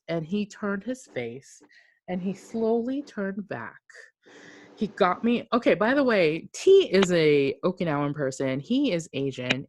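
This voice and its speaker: A woman with a deep, low-pitched voice tells a long story as a podcast co-host. She talks casually and with energy, swears freely, and acts out what each person said. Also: noisy background. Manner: animated, acts out quoted speech, swears freely.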